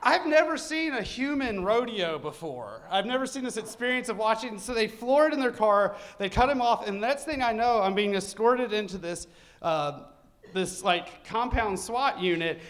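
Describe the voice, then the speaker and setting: Brief: high, bright-voiced man telling a profane comic story live on stage. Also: moderate pace. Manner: animated, profane, self-mocking.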